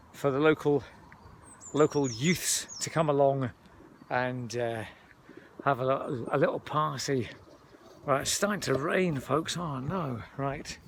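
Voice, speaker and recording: A man with a slightly raised pitch narrates his walk up a wooded hill. He rambles in a chatty way, often breaking off mid-sentence and catching his breath. The handheld outdoor recording carries faint rural background sound. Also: a little hiss or hum. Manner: chatty, rambling, self-interrupting. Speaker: vlogger. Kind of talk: walking vlog commentary.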